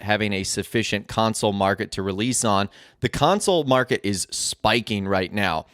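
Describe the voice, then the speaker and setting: A man's voice: medium pitch, no echo. A man talking straight to viewers in a scripted gaming news video, upbeat and direct.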